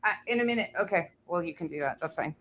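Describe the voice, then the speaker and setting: A woman's voice: fairly low pitch, lively intonation, fast, fairly bright tone. Blunt, laughing woman streamer. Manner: blunt, profane, laughs often. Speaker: livestream host. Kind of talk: casual livestream chat.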